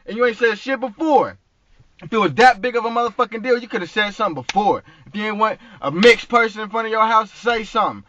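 A man's voice: sits high, pushed and bright, a little hiss or hum. A man telling an angry story in a heated, profane way, full of street slang, sitting in a car. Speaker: vlogger. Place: inside a parked car. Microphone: phone. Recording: dull, dry phone audio.

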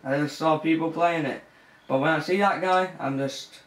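A man's voice: a little high, normal speed, fairly bright tone, echoey room. A young man commentating a horror game as he plays, nervous and easily scared, swearing and laughing. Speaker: gamer. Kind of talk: let's play commentary.

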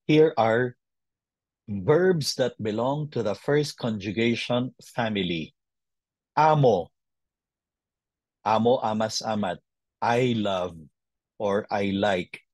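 Slow, patient male Latin teacher. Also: on the low side, darkish tone, dry recording. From Philippines. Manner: slow, patient drilling of conjugations. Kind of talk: webinar lesson. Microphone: video call.

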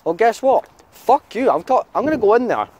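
A man's voice: high-pitched, big pitch swings, fairly quick, a little mellow. A man vlogging outdoors in town, chatting casually and ranting with heavy swearing. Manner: angry swearing rant. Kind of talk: casual vlog chat.

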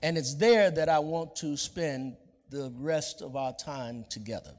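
A male pastor preaching a sermon with a deliberate cadence, drawing out the words he stresses. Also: on the high side, darkish tone, big-room sound.

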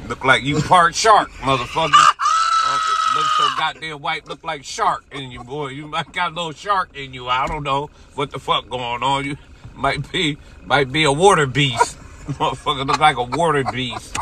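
A man co-hosting a live stream, roasting his nephew in loud, profane banter with bursts of laughter. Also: medium pitch, normal speed. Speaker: co-host, the uncle. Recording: noisy live-stream audio.

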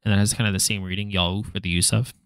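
In a dry, studio-quality recording, a man speaks fast in a low, level voice that is clean and fairly bright. He's live-streaming his language study in casual chat, joking, rambling, laughing a lot and letting sentences trail off into fillers.

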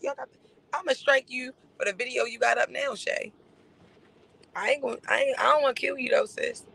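High, gravelly-voiced sassy man. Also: fairly even intonation, pushed and bright, poor audio. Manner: sassy, campy, teasing; drawn-out exclamations and laughter. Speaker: livestreamer. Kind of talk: livestream gossip commentary.

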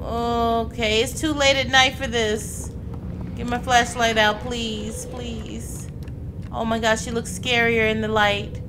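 A woman playing a horror game, reacting out loud and swearing when startled. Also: fairly high pitch, little pitch movement, slow pace. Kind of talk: let's play commentary. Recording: background noise under the voice.

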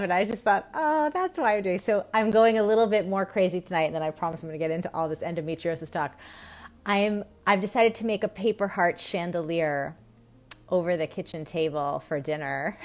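A woman in her thirties hosting a weekly live stream, chatting casually in a bubbly, rambling way with many fillers and quick laughs. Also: fairly low pitch. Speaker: host of a weekly live stream on women's health.

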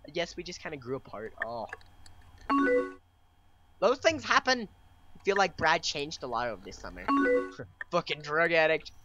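A man's voice: on the high side, big pitch swings, moderate pace, pauses often, muffled recording, over loud music. A young man giving playful, swearing gameplay commentary, reading chat lines aloud and reacting with mock drama. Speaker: let's play gamer. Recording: loud keyboard typing behind voice.

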